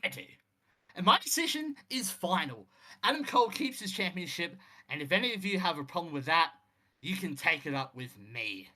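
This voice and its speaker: A man's voice: on the high side, big pitch swings, moderate pace, pushed and bright, pitched above the performer's own voice, heavily acted. A man voicing a smug older male wrestling boss who gives commanding orders.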